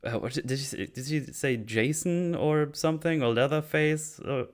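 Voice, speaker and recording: A man's voice: a little high, normal speed. Man retelling movie scenes with gusto. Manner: animated retelling with acted-out quotes and swearing. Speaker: podcast host. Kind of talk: casual movie discussion.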